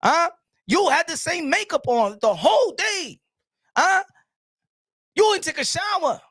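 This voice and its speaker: A man hosting a casual boxing live stream, animated and laughing, often repeating himself and switching between languages. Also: very high-pitched, unhurried, no echo, studio quality.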